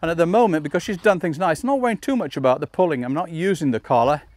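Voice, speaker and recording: A man training a dog outdoors, explaining each step and calling the dog with calm, coaxing commands. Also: fairly high pitch, fast talker, no echo. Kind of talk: instructional demonstration. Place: outdoors in a field.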